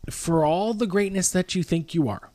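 A man's voice: high-pitched, moderate pace, mellow, no room sound. Pastor guy in his 30s chatting, earnest, rambly, dry close mic. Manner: earnest, rambling, many restarts. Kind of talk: casual podcast chat.

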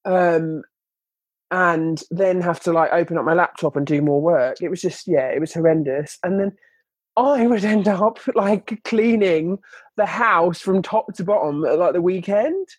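Speaking at a measured pace in a fairly low, breathy voice, this young woman is recorded with no room sound. As a children's book author guesting on a podcast, she shares her story candidly. Her talk is chatty and heavy with "like" and "you know."

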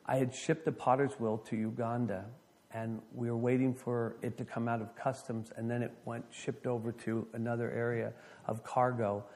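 A middle-aged man preaching a sermon, an animated storyteller who reads scripture and acts out the voices of people in his stories. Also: medium pitch, moderate pace. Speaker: pastor.

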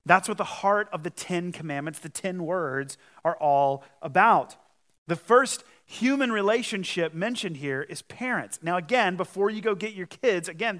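A man with a fairly high voice for his sex, delivering a sermon as lead pastor. He preaches in an easy, conversational way and weaves stories into his teaching. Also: a bit bright.

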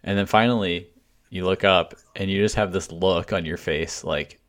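Male co-host with a very deep voice, easygoing and laugh-prone, casual banter. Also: steady tone, normal speed, a bit bright. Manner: laughing, teasing storyteller. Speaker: podcast co-host. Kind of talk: casual chat.

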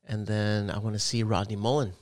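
A man's voice: on the low side, flat delivery, fairly quick, a little mellow, dry recording, clean studio sound. A man co-hosting a casual gaming podcast, rambling and loose with lots of fillers. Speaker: podcast co-host.

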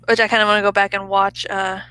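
A woman's voice: mid-range voice, flat delivery, fast, pushed and bright, no echo, low-quality recording. A woman in casual chat who swears freely, laughs often and trails off mid-sentence.

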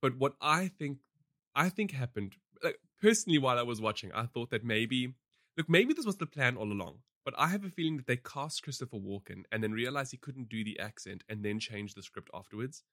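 A man's voice: mid-range voice, lively intonation, fairly quick, pushed and bright, dry recording, clean studio sound. A man hosting a podcast, chatting casually about films in a rambling way with many fillers and frequent laughs. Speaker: podcast host reviewing films. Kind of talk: casual chat.

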